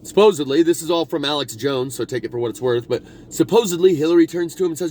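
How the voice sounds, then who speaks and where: A man's voice: a little high, fast, few pauses, a little mellow, a little hiss or hum. A man talking in a meandering spiritual monologue, restarting his sentences and pressing hard on key words. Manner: meandering, restarts often, intense emphasis. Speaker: video blogger.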